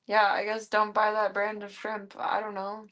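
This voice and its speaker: A woman's voice: medium pitch, completely flat delivery, normal speed, a bit bright. Chatty woman streamer talking to her cats. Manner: chatty, talking to her pets, amused and baffled. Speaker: live streamer. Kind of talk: casual chat on a live stream. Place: at home with her cats and dogs.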